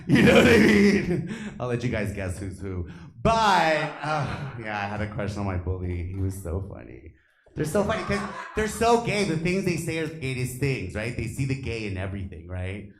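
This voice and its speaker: A man in his thirties doing a stand-up comedy set on stage, flamboyant and camp, breaking into loud shrieks. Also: on the low side. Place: comedy theater stage with live audience. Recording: echoey live comedy room.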